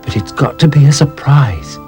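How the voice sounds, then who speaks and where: A man voicing a kind young mother, gentle and a little hesitant. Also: mid-range voice, normal speed, soft background music, voice pushed up, natural voice.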